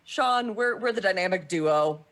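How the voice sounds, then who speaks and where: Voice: medium pitch, animated, unhurried, a bit bright. A player in a tabletop role-playing game, describing their character's actions in a playful way.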